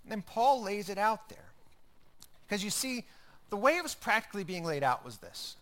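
A man's voice: high voice, sing-song, moderate pace, pushed and bright. A man preaching a sermon in a conversational style, building emphasis through repeated phrases. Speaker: pastor.

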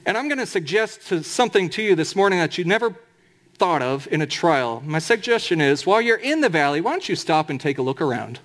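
High-voiced man preaching a sermon. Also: sing-song, fairly bright tone. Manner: emphatic preaching with slowed, drawn-out scripture quotes. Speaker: pastor.

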